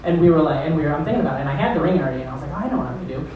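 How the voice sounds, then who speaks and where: Profane stand-up host in a roomy club. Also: male voice, fairly high pitch, expressive, rapid-fire, narrow, tinny audio, slight background noise. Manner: loose, profane, rambling storyteller. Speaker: comedy show host. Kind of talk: stand-up comedy. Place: comedy club stage. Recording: roomy, distant club recording.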